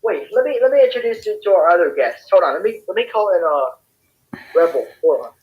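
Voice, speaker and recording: A man's voice: high voice, big pitch swings, a little fast. Boastful young man on a lo-fi stream. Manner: boastful, playful wrestling-style bragging. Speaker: co-host. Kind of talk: casual podcast chat. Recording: dull lo-fi stream audio.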